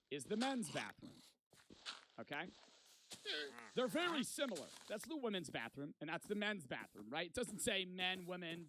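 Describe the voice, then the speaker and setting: A man's voice: a little high, slight background noise. A young man streamer telling a rambling, profane story to his chat in a casual way. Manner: rambling, profane, animated retelling.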